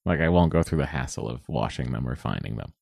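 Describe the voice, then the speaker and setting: A man chatting on a podcast with dry, deadpan humor. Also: extremely low pitch, fast, gravelly, dry recording. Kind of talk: casual chat.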